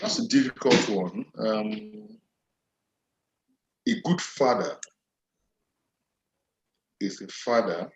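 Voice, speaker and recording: A man answering interview questions as a guest medical officer, measured and earnest. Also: on the low side. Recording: dull, echoey line with faint noise.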